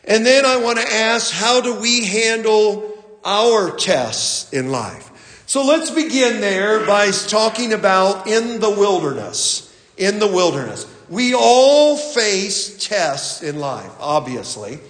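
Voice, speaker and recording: High-voiced pastor in an echoey hall. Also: male voice, expressive, a bit bright. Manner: unhurried storytelling with fillers and restarts. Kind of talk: sermon.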